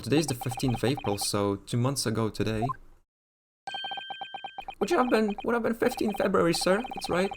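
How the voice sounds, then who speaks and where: A man's voice: high-pitched, noisy background, voice pushed up. A man voicing a fussy older male pawnbroker in a prim, deferential way, reading game dialogue on a stream. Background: game music.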